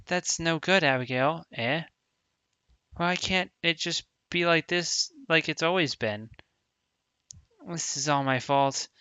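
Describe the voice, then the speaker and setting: A quietly sad teenage schoolgirl from a visual novel, cheerful on the surface and hiding depression inside, read aloud by a man in his own bright, smooth voice. She speaks softly and in a subdued way, close to the mic in a dry, dead space. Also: a little high, dry recording.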